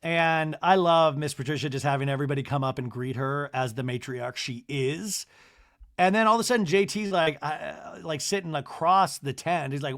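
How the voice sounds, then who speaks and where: A man hosting a solo podcast, recapping reality TV in a gossipy, animated storytelling way with quick asides. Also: a little high. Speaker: podcast host.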